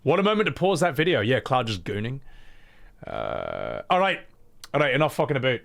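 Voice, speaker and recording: A man's voice: medium pitch, wildly swooping pitch, brisk, vocal fry, a bit bright. A man giving casual, playful reaction commentary on a livestream, often laughing and swearing. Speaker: streamer.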